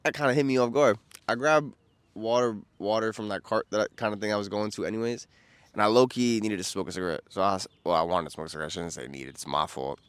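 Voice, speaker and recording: A young man from New York with a New York accent, rambling casually and excitably about a trip, slangy and profane, losing his train of thought. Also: on the low side, quick pace, smooth, no room sound. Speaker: vlogger.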